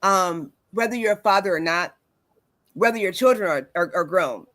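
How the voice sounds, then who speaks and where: A woman's voice: lowish voice, expressive, normal speed, no echo. A woman in her forties hosting a wellness talk show, telling stories casually with many fillers. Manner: warm storytelling with many fillers. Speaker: host.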